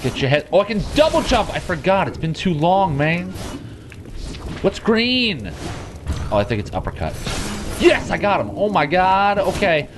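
An excitable man commenting as he plays a game, swearing freely and breaking into sudden yelps and shouts. His voice sits somewhat high and swings wildly in pitch, with game music running behind. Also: moderate pace. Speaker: gamer. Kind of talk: let's play commentary.

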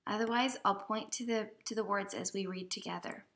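A woman's voice: mid-range voice, fairly even intonation, fairly quick, a bit bright. A woman teaching young children, reading a simple story aloud and sounding out words letter by letter. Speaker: kindergarten teacher. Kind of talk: slow read-aloud lesson for young children.

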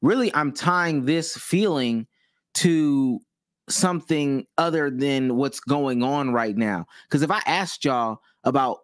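A young man co-hosting a podcast, talking casually and haltingly, restarting phrases as he thinks aloud. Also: medium pitch, dry recording, studio quality. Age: young adult. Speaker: podcast co-host. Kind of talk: casual debate chat.

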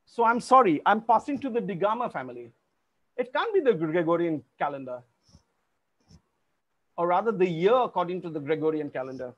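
A man's voice: sits high, lively intonation, brisk, long pauses, lo-fi sound. A man hosting an online family quiz over a video call, formal and polite, calling players sir. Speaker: quizmaster.

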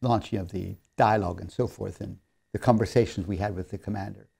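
A man's voice: on the low side, fairly even intonation, a little fast, creaky, slightly rough. A man giving a recorded seminary lecture, telling stories in an earnest, emphatic way. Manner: earnest storyteller, warmly emphatic on key lines.

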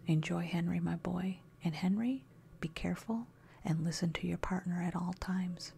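A woman's voice: fairly low pitch, moderate pace, creaky, dark tone, a little hiss or hum. A woman voicing an eccentric, enthusiastic male agency boss in a whispered role-play. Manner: enthusiastic, briefly menacing.

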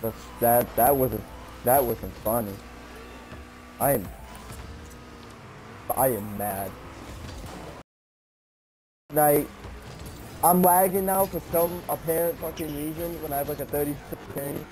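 Man, gamer, casual gameplay chat, headset mic, exasperated, swearing, teasing, slightly high voice, mellow tone. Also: slow, pauses often, faint music behind.

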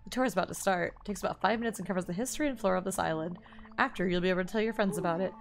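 A woman reading aloud the lines of a chirpy island tour guide from a game, rattling them off quickly. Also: lowish voice, vocal fry, slight background noise. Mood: brisk. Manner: rapid reading of game dialogue.

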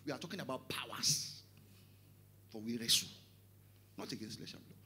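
Preaching with plenty of animation, this middle-aged Nigerian man speaks English with a Yoruba tinge, frequently shouting, cracking jokes and dropping into Yoruba. His voice is medium-pitched and moves at normal speed.

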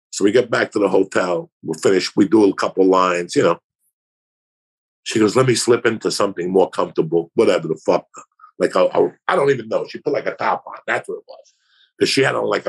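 A man telling a profane, rambling story on a podcast, acting out the other people's voices. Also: on the low side. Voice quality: gravelly, husky voice. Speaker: comedian guest telling a story.

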